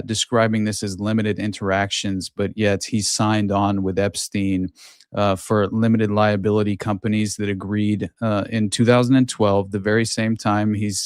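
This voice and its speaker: A man hosting a podcast conversation, speaking haltingly with many fillers and restarts. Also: fairly low pitch, no echo, studio quality. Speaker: podcast host.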